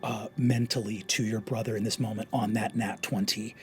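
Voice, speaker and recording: A man narrating a tabletop game as game master, dropping into hushed whispers and then building to loud, dramatic narration. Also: lowish voice, little pitch movement, normal speed.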